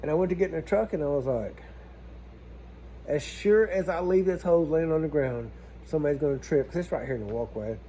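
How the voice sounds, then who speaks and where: A man telling a plumbing job story in a casual vlog, animated and swearing freely as he talks to his viewers. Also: fairly high pitch, fairly quick, a little hiss or hum.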